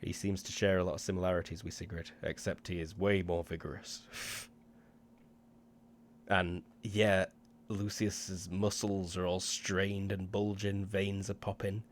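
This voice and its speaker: Laid-back low-voiced man running a game. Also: flat delivery, a little slow, slight background noise. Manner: laid-back, laughs easily, swears casually. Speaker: game master. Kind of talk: running a tabletop game and signing off.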